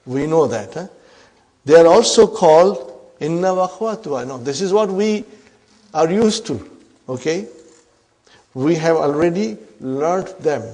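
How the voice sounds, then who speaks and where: A man teaching Arabic grammar in a slow, drawn-out lecture, often checking in with his class. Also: a little high, a little mellow.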